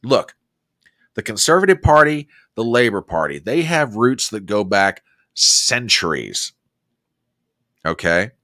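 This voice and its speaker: A man's voice: fairly low pitch, sing-song, slow pace, pauses often, bright, forceful tone, no room sound, clean studio sound. An American man hosting a casual livestream, effusive and reading viewer comments aloud. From United States. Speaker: livestream host.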